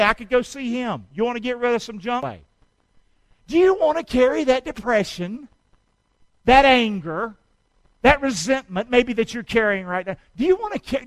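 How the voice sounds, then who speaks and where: High-voiced preacher, call and response. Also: male voice, lively intonation, moderate pace, dry recording, rough recording. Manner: call-and-response preaching, swings from shouting to quiet. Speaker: pastor. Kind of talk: sermon.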